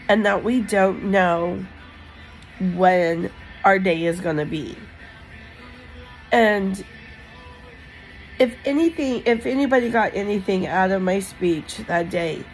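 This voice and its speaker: A woman's voice: medium pitch, low-quality recording. A woman vlogger telling a personal story in a rambling, emotional way with many fillers. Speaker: crafting channel vlogger.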